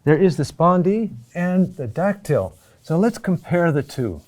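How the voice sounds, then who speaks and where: A man teaches a recorded lesson on chant rhythm, speaking deliberately with pauses and "huh?" checks. His voice is on the high side, sing-song and a little mellow.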